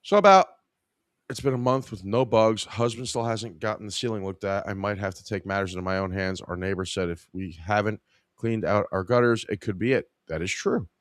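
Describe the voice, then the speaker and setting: Middle-aged male podcast host, casual and wry storyteller, lowish voice, dry recording. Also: brisk, dry recording. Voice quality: irreverent, wry.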